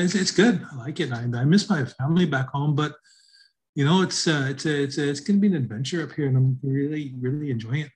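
A man's voice: medium pitch, lightly acted. A man putting on a cheerful young city newcomer, talking in a sing-song lilt with rising tones. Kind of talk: podcast interview demonstration.

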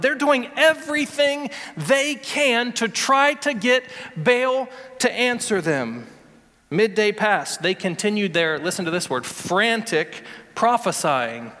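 A man preaching a sermon as pastor, animated and building to emphatic peaks. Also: high voice, big-room sound.

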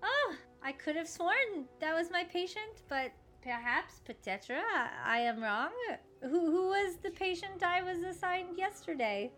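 A woman voicing a flustered young French woman nurse in a tabletop game, with a put-on French accent and dramatic, excitable delivery. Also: very high voice, a little slow, hardly any pauses, soft background music, voice pushed up, exaggerated voice. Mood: bewildered. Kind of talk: tabletop role-play.

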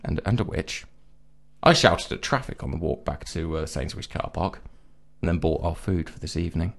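A man's voice: expressive, moderate pace, gravelly. Indignant man telling a comic rant. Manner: indignant, mimics people in high voices, laughs often. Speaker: podcast co-host.

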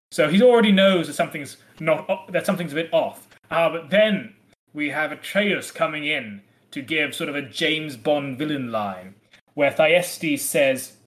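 Lively man discussing old plays. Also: on the high side, measured pace. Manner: animated, acts out quoted lines with laughs. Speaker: podcast co-host. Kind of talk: casual literary discussion.

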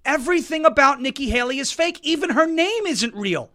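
A man's voice: very high voice, lively intonation, fairly quick, few pauses, sharp tone. A man hosting a political talk show, in a sarcastic and mocking style, often slipping into put-on quotes. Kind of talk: animated political commentary.

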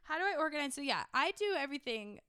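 A woman's voice: high-pitched, very animated, fast, pushed and bright, no room sound, studio quality. A young woman, a singer-songwriter, chatting in an interview, gushing and emotional with lots of fillers. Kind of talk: casual interview chat.

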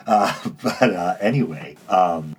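A man's voice: sits low, animated, takes it slowly, slightly rough. A man with a droning, stuffy-nosed East Coast accent hosting a casual solo podcast, dry and self-mocking, with many uhs. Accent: East Coast American. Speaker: podcast host.

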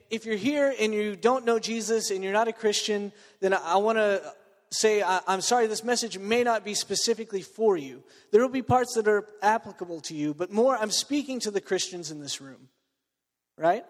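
A man from Texas with a cold, giving a chatty, joking sermon to a student group, full of fillers and restarts. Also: sits high. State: under the weather with a cold. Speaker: preacher. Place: large meeting room. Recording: long reverb in a large room.

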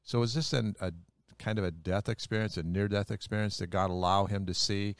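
A man's voice: fairly low pitch, steady tone, fairly quick, clean tone, dry recording. A man who is a pastor and co-host, talking in a folksy, joking way with lots of restarts in a casual podcast chat.

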